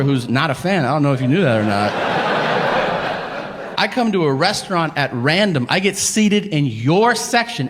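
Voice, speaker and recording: A man's voice: fairly high pitch, fairly bright tone, slight background noise. A male comedian telling a story on stage, exasperated and profane. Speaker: stand-up comedian. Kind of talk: stand-up storytelling. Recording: echoey venue, faint ambience.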